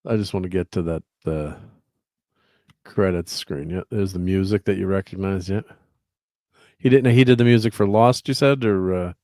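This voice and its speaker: Stream host, male, low voice, dry close sound, loose rambling delivery full of fillers. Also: moderate pace, mellow, dry recording. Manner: rambling, chuckling, filler-heavy while fiddling with slides. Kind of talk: casual chat on a livestream.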